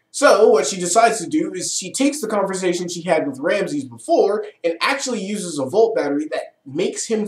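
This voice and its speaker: A man casually recapping and reviewing a show episode with enthusiasm, swearing and laughing often. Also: high voice. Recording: echoey room.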